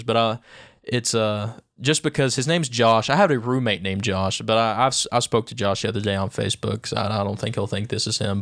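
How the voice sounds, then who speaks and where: A young man co-hosting a podcast, telling school stories in an animated, slangy way and laughing often. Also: medium pitch. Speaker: podcast co-host. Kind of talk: casual chat.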